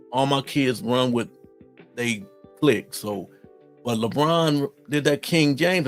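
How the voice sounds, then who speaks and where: A middle-aged man with an Ohio accent talks casually and with animation on a live stream, dropping folksy slang and speaking straight to his viewers. His voice sits at an ordinary pitch. Faint music plays under him. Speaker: host reading live chat.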